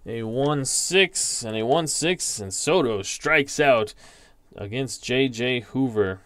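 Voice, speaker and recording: Slow, deliberate man calling simulated baseball. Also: medium pitch, a bit bright, dry recording. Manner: slow and deliberate, reading out dice rolls and stats. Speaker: league commissioner calling a tabletop baseball sim. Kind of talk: play-by-play commentary.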